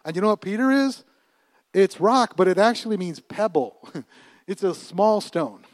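A middle-aged man preaching a sermon as pastor, animated and laughing often, dropping to a hush and then rising loud, often repeating his words. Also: sits high, normal speed, dry recording.

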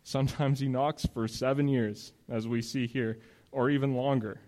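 Male pastor, mid-pitched voice, relaxed conversational preaching. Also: moderate pace. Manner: conversational preaching with restarts and scripture reading. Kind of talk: sermon.

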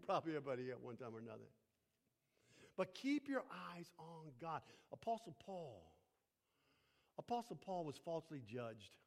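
A man's voice: fairly high pitch, very animated, moderate pace, pauses often. A male pastor preaching a sermon, repeating phrases for emphasis and putting questions to the congregation. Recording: long hall reverb.

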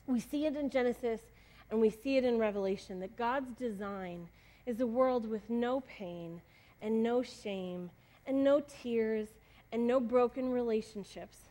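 A woman's voice: fairly high pitch, measured pace, dark tone. A young adult woman pastor preaching a sermon in a casual, chatty way with many fillers.

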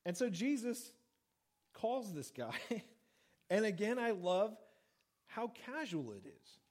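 A man preaching a sermon, reading scripture and then explaining it in a casual, conversational way, acting out quoted lines. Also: slow pace. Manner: conversational, acts out quoted lines with lively pitch jumps. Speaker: pastor. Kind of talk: sermon, Bible reading and teaching.

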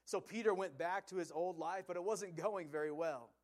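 A man's voice: sits high, normal speed, a little mellow. A male pastor preaching an earnest, conversational sermon full of rhetorical questions.

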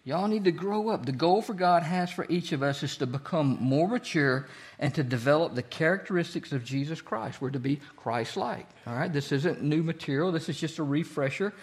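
A man with a slightly higher voice leads a casual, interactive Bible study. He keeps quizzing his group with fill-in-the-blank questions. His speech quickens whenever he gets excited. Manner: speeds up when excited.

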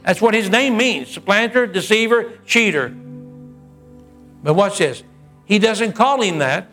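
The man preaching speaks a little slowly in a fairly bright tone. Telling a story from the pulpit, he dramatizes its dialogue through wide pitch swings while faint music plays behind.

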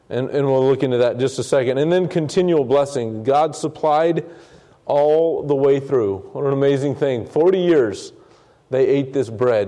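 A man preaches a Bible lesson in a relaxed, conversational way. His voice is mellow and sits in a middle pitch. He often repeats a word as he goes and briefly acts out the complaining voices in the passage. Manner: conversational, repeats words, dramatizes quotes. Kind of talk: sermon, Bible study teaching.

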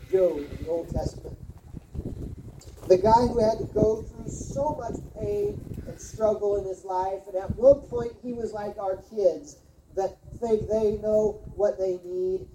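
A woman pastor giving a sermon, earnest and emphatic, often repeating words and pausing. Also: mid-range voice, recorded from a distance, noisy background. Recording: roomy sound from off-mic.

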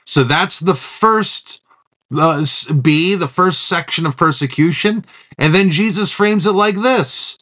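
Middle-aged pastor teaching verse by verse. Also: male voice, high-pitched, slow pace, sharp tone. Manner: thinking aloud with fillers and restarts, reads Scripture aloud.

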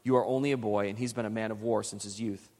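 A man's voice: on the low side, fairly even intonation, fast, darkish tone, natural voice. A man voicing a doubting, dismissive king, heard in a long hall reverb. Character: doubtful old king, dismissive then resigned.

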